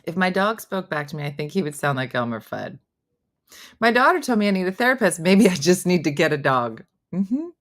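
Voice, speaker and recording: Middle-aged lady chatting on her live show, laughs a lot, goes all whispery sometimes. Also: on the low side. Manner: chatty and animated, laughs often, drops to mock whispers. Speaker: host reading viewer comments. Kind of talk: casual live-stream chat.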